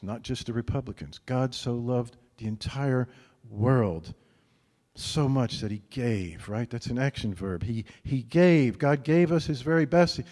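A male pastor preaching a sermon in a relaxed, conversational way, often checking in with his listeners with a quick "right?". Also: mid-range voice, big-room sound.

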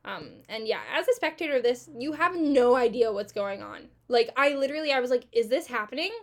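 Animated young woman telling a story. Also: sits high, a little fast. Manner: animated, swearing, acts out quotes. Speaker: podcast co-host. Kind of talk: casual storytelling chat.

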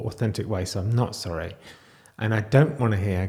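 A man with a somewhat low voice talks straight to camera in a raw video diary. He sounds close to tears. He stumbles, restarts and trails off into quieter stretches as he talks. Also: fairly quick. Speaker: vlogger.

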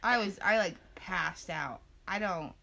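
Bright young woman, laid-back chatter. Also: fairly low pitch, measured pace, creaky. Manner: laid-back, self-mocking, laughs often. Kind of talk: casual chat.

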